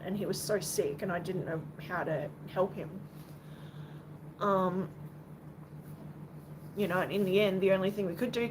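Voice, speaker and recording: A young woman with an Australian accent talks slowly and loosely on a home livestream. She wanders through her thoughts and swears casually. A steady wash of background noise sits under her voice. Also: mid-range voice. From Western Australia. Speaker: livestream host. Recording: noisy background.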